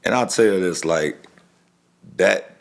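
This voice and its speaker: A middle-aged man telling a personal story as a podcast guest, halting and restarting his phrases and acting out what people said. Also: deep voice, vocal fry.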